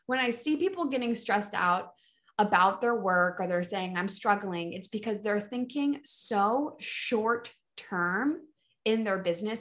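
Woman coach, mid-pitched voice, emphatic motivational delivery. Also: fairly bright tone. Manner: enthusiastic, emphatic, restarts often. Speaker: business coach. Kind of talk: motivational solo talk.

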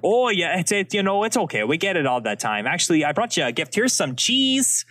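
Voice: mid-range voice, sing-song, a little fast, fairly bright tone. A podcaster putting on a friendly man with a Wisconsin accent who talks in a cheerful, polite, sing-song way. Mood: cheery.

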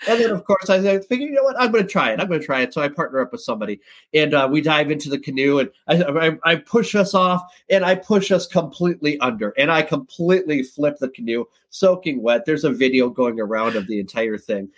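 Husky, lively male podcast guest. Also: brisk. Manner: lively, jumps up in pitch when excited. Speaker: guest, sales director. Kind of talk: casual podcast storytelling.

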